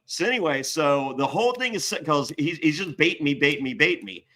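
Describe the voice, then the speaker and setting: A man in casual chat, telling a story with energy, swearing freely and jumping up high to act out what others said. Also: fairly quick, few pauses. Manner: animated, swears, acts out other people's lines in high voices. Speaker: guest.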